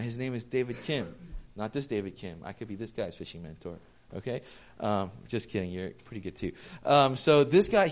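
A man delivering a sermon in a casual, conversational tone, at a medium pitch for a man. He tells stories and acts out dialogue with lively shifts of voice as he talks to a congregation. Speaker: pastor.

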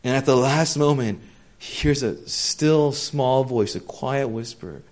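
A man preaching a sermon in an earnest, gentle, casual way, with plenty of fillers. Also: medium pitch, a little slow.

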